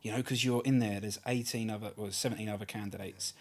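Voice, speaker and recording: A man's voice: lowish voice, fairly even intonation, quick pace. A man in his thirties with an Essex accent, a guest in an interview, talking in a chatty, colloquial way with short repeated phrases. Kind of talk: casual interview chat.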